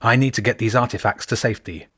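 A man voicing a brisk, dryly confident inspector in a storybook reading, talking fast and clipped. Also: mid-range voice, bright, forceful tone, husky, no echo, studio quality.

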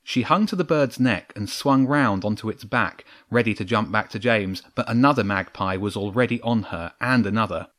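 A man with a fairly low voice narrating a storybook, steady and measured in his delivery. He reads scripted prose with even control through the action. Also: no echo, clean studio sound.

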